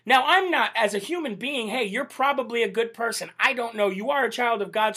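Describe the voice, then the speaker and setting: A man with a high voice hosts a political commentary livestream, animated, indignant and sarcastic. He often calls out to "ladies and gentlemen."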